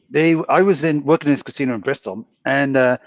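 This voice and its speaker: A man, a casino dealer, rambling through anecdotes and often clearing his throat. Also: mid-range voice, brisk, dry recording, highs cut off. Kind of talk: casual chat.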